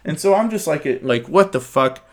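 A young man hosting a casual podcast, talking fast and profanely as he rants and mocks people. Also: on the high side, animated. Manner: profane, ranting, mocking. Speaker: podcast host.

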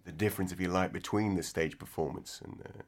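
A man's voice: deep voice, steady tone, quick pace, a little hiss or hum. A man conducting an interview, asking long, hesitant questions with many restarts. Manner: hesitant, searching for words.

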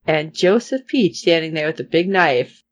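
A woman chats about a show with a very lively, swooping voice, jumping high when she acts out characters' shocked reactions. She talks casually, full of quick asides and fillers. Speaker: podcast co-host recapping a series. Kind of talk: casual chat.

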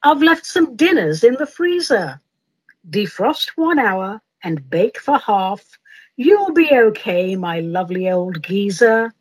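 A woman's voice: medium pitch, very animated, takes it slowly, breathy edge, dry recording, full character voice. A woman doing a homely reassuring late wife.

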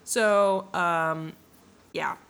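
A young woman casually retelling a book in an animated, profane way, full of fillers and asides. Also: fairly low pitch, drawn-out words, clear, resonant tone. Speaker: book summarizer.

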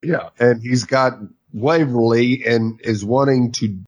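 A man co-hosting a casual chat, unhurried and often chiming in agreement. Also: medium pitch, lo-fi sound. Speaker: podcast co-host.

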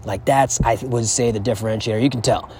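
Recorded outside on a horse farm with a little hiss or hum, this man speaks fast in a medium-pitched, darkish voice with a steady tone. The travel vlogger's monologue is rambling, profane, and candid.

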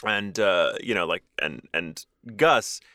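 A man co-hosting a podcast in relaxed chat. His voice moves a lot in pitch and sounds bright, recorded dry and close. He swears freely and often laughs. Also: takes it slowly, dry recording. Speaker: podcast co-host. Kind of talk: casual chat.

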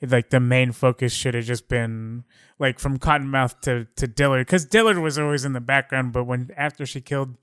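Man, casual chat, smooth voice, relaxed, frequent "like", dry sound. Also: medium pitch, normal speed, no room sound. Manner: relaxed, lots of "like" and restarts.

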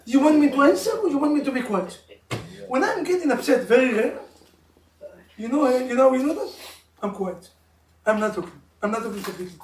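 A man's voice: very high voice, brisk. A middle-aged man with an Israeli accent, a rabbi teaching a couples class, telling stories animatedly in broken English. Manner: animated storytelling, mimics voices, broken English. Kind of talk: informal religious class with stories. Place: room of a live-streamed class. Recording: echoey room, distant mic, faint noise.

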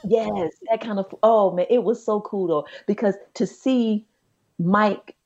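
A woman, co-hosting a podcast and telling a personal story in a chatty, animated way. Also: mid-range voice, a little slow, muffled recording. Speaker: podcast co-host. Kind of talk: casual chat, storytelling.

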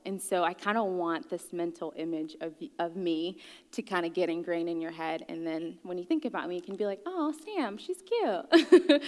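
A woman in her thirties from Gabon giving a candid, joking talk about her life, with many ums. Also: lowish voice. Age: 30s. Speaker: guest speaker. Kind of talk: personal story talk. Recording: long hall reverb.

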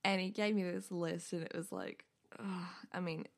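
A woman's voice: fairly low pitch, steady tone, moderate pace, creaky. A young woman co-hosting a casual chat podcast, chatty and swearing freely as she retells stories. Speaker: podcast co-host.

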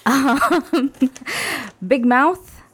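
A woman's voice: high voice, expressive, extremely slow, a bit bright. A woman guesting on a casual comedy podcast, giving short, hesitant replies. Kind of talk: casual chat.

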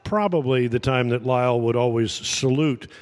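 A man telling a long anecdote as a podcast guest, halting with fillers and chuckling at his own punchlines. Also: medium pitch, darkish tone. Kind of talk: casual anecdotal storytelling.

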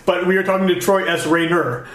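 A man's voice: a little high, quick pace. A man from Canada hosting a podcast in casual chat, rambling with fillers and laughs, recorded in an echoey apartment room. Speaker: podcast host.

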